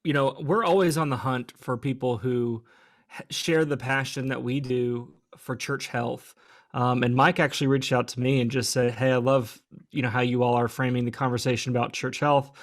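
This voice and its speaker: A man co-hosting a podcast, introducing his guest thoughtfully, with frequent pauses and fillers. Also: mid-range voice, fairly even intonation. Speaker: podcast co-host. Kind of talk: casual podcast chat.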